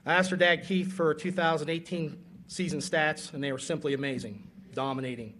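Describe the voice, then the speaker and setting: A middle-aged father giving an emotional award speech at a banquet, halting with many fillers. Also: fairly high pitch, fairly even intonation, a bit bright, slight background noise. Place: banquet hall.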